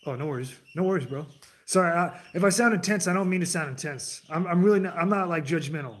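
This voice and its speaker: A U.S. man hosting a livestream speaks quickly in a high voice, chatting casually with his viewers. He's rambling and digressive, hopping from tangent to tangent and frequently starting his sentences over.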